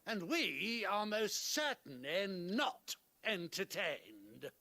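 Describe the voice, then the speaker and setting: An arrogant nobleman in a game cutscene, his voice high, bright and sweeping. He speaks slowly, dripping with haughty disdain for those beneath him. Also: sing-song, vocal fry, full character voice. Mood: indignant. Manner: haughty, theatrical and indignant. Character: arrogant, pompous nobleman father. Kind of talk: video game cutscene acting.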